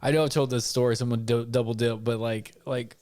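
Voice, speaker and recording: A man's voice: medium pitch, steady tone, brisk, darkish tone, no echo, studio quality. A young man co-hosting a podcast in casual chat, rambling and swearing, calling people "man" often. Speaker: podcast co-host.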